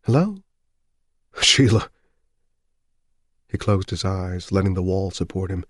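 A man narrating an audiobook in a steady, measured, scripted read. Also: deep voice, no room sound, studio quality.

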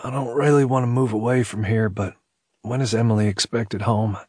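Man playing a tender young lover, audiobook romance, hushed, husky. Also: mid-range voice, steady tone, a little fast, no room sound, clean studio sound, natural voice. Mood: sleepy.

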